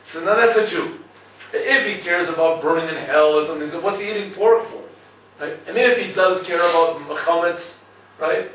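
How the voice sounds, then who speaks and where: A man giving a lively Torah class, telling stories and checking with listeners as he goes. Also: high-pitched, heavy reverb, recorded from a distance, a little hiss or hum, rough recording. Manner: storytelling, lively, asks listeners "right?". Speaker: rabbi teaching a class.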